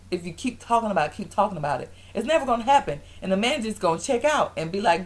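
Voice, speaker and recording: Animated woman recapping with lively pitch. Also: fast talker. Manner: animated storytelling, acting out quotes in different voices, frequent laughs. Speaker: vlogger reviewing a reality show. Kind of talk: casual recap vlog.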